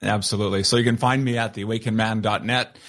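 A man's voice: fairly low pitch, fairly even intonation, fast. A middle-aged man from Canada with a French-Canadian accent, earnestly telling his story as an interview guest. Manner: earnest, warm storytelling with many fillers. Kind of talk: interview conversation.

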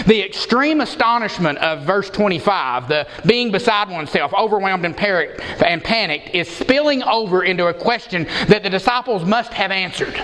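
A man's voice: sits high, expressive, moderate pace, hardly any pauses, bright, forceful tone, in a large hall, rough recording. A man preaching an expository sermon, emphatic and given to repeating words for stress.

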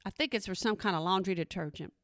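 A woman's voice: mid-range voice, fast, a bit bright, no room sound, studio quality. A middle-aged woman and mother, chatting in a sassy, emphatic monologue straight to her listeners. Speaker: parent monologue host. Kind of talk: casual chat monologue.

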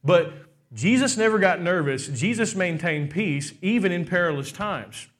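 A man's voice: high-pitched, expressive, moderate pace. A pastor preaching a sermon, often asking the congregation "how many know" and stressing his words. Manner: rhetorical, asks the crowd "how many know", emphatic.

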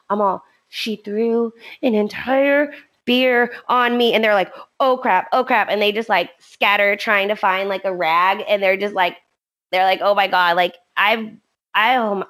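A young woman chatting on a podcast, spinning a story with lots of energy and quoting the people in it. Her voice sits at a middle pitch and keeps an easy conversational tone. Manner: animated storytelling with frequent laughs and quoted voices. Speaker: podcast co-host. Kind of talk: casual chat.

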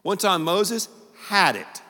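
A large auditorium lends a long reverb to this male pastor's sermon. Joking and animated, he drops quick asides, his high, bright voice swinging lively in pitch.

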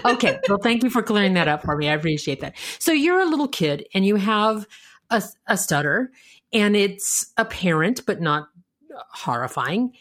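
A woman host leading an interview in a middle-pitched voice. She asks curious follow-up questions in an easy conversational way. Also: sing-song, moderate pace.

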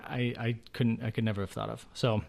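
A man's voice: mid-range voice, little pitch movement, a little fast, gravelly, darkish tone. Rambling laid-back man on a podcast. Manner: rambling, restarts often, laughs easily. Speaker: guest, theater writer and director. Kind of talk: casual podcast chat.

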